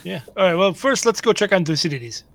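A man with a high voice chatting casually as a player in a tabletop game. He answers in short, easygoing replies. His voice is recorded close and dry, with no room sound. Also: animated, fairly quick, creaky, fairly bright tone, no room sound.

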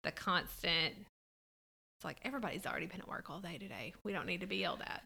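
A woman's voice: fairly low pitch, fast, vocal fry, pushed and bright, slightly rough. A woman in casual chat as a podcast co-host, earnest, with a lot of "like" and "you know".

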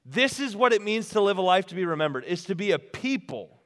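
Casual storytelling preacher, echoey hall. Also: male voice, high-pitched, big pitch swings, a little fast, a bit bright. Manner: casual, storytelling, talks directly to the crowd. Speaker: retreat speaker. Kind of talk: sermon. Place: retreat meeting room.

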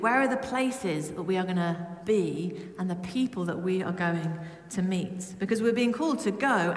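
Woman, humorous lively preacher, mid pitch, roomy church echo. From Britain. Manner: humming song snippets. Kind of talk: sermon. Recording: echoey church with long reverb.

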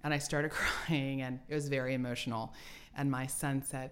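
A woman's voice: very deep voice, flat delivery, moderate pace. A woman in her forties, an author being interviewed, telling stories animatedly and laughing often. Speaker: author guest. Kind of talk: casual interview chat.

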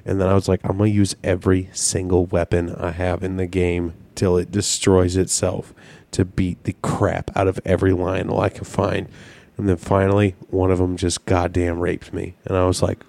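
A man with a very low voice tells crude, rambling gaming stories on a casual podcast, acting out his own reactions as he goes. The sound is dry and close. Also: completely flat delivery, moderate pace, gravelly, a little mellow, no room sound. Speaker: podcast co-host.

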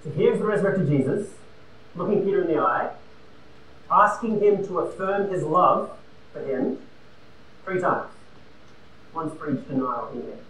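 A man preaching a sermon, emphatic and conversational, swinging between loud and quiet. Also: high voice, lively intonation, unhurried, pauses often, slight background noise. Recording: roomy and distant with faint ambience.

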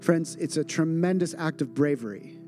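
An earnest male pastor delivers a sermon, leaning on repetition to drive each point home. His voice sits a little higher than most men's. Gentle guitar music plays clearly underneath. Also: moderate pace. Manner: earnest, repeats phrases for emphasis.

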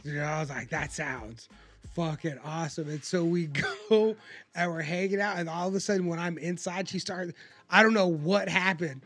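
A man with a high, gravelly voice tells a rambling, profane story in casual chat and acts out every quote. His tone is bright and edgy, and the recording is dry and close. Faint music plays underneath. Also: moderate pace, no room sound.

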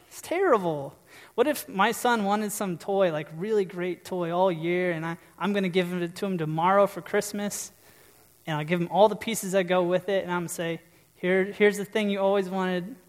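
A preacher talks through a sermon in an easy, conversational way at a middling pitch. Questions to the listeners come up often. The voice rings out with a long reverb, as in a large church. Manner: conversational, asks the audience questions.

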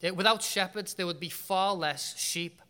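A man delivers a sermon in a high, bright voice. He tells stories with humor and leaves dramatic pauses. A long reverb trails after his words, as in a church hall. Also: clean tone. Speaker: preacher.

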